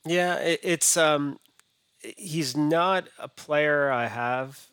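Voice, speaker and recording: A man's voice: a little high, drawn-out words, fairly bright tone, smooth, no room sound. A man as a podcast guest, talking casually and hesitantly with many restarts. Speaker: podcast guest, fantasy baseball analyst.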